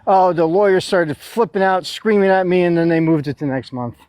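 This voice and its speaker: A man with a fairly high voice telling a story in a relaxed group call. He acts out everyone's lines with lively energy and laughs often. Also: brisk, slight background noise. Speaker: guest sharing a court story. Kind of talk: casual group chat.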